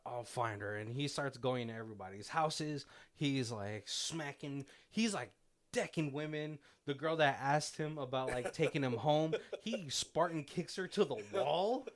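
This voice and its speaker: Man, podcast co-host, casual film chat, lively storytelling, breaks into laughter, acts out quotes. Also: medium pitch, moderate pace. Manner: animated retelling, acting out quotes, frequent laughter. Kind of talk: casual movie commentary chat.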